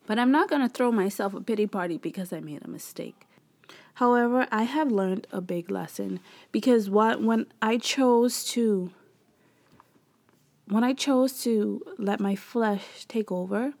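A woman with a gravelly, fry-tinged voice talks candidly to her listeners about faith and marriage. She chats in a homey way and keeps calling them "y'all." Now and then she acts out her own past words in animated bursts. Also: mid-range voice. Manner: chatty, addresses listeners as "y'all". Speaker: podcast host.

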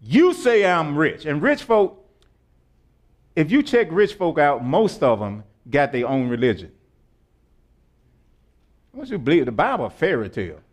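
A man preaching in with a high voice that leaps up and down. He laughs often and pulls his listeners into call-and-response. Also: sing-song, measured pace, pauses often. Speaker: pastor. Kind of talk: sermon.

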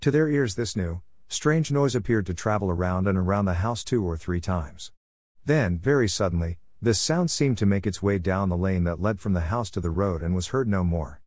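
A man reading a ghost story aloud in a measured, solemn narration style. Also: deep voice, expressive, a little mellow, dry recording. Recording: dry close recording.

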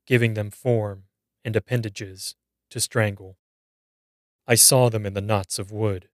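A man narrating a scripted horror story in a measured, grave reading. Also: fairly low pitch, no room sound, studio quality.

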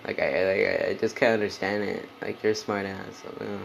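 Man, casual podcast host, rambling, swears a lot, fillers, lowish voice, gravelly. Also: flat delivery, brisk, a little hiss or hum, rough recording. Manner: rambling, profane, heavy on "like" and "dude". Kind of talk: casual solo podcast chat.

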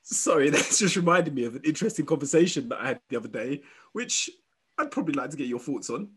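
A man's voice: a little high, very animated, quick pace, background noise. A man co-hosting a casual chat, swearing freely and laughing as he riffs on jokes. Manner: swears a lot, laughs often, slips into shouted impressions. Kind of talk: crude comedic banter.

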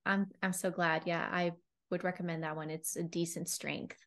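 A woman's voice: lowish voice, level tone, moderate pace, fairly bright tone. A woman hosting a casual chat, talking loosely and laughing often.

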